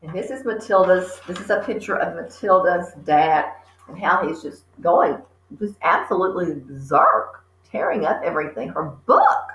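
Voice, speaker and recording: A woman teacher reading a children's story aloud, animated and chatty with friendly asides. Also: on the low side, normal speed, echoey room, poor audio.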